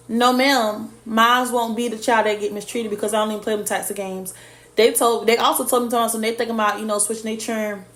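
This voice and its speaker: A woman vlogger and parent heatedly retelling a school incident to her viewers in a casual storytime. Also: fairly high pitch. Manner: heated, indignant retelling with lots of direct address. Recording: echoey room.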